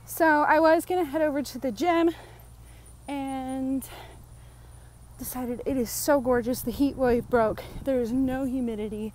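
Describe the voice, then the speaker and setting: A woman chatting casually to camera in a rambling vlog, talking outdoors at a park fitness trail. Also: a little high. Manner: chatty, rambling, lots of fillers. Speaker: vlogger.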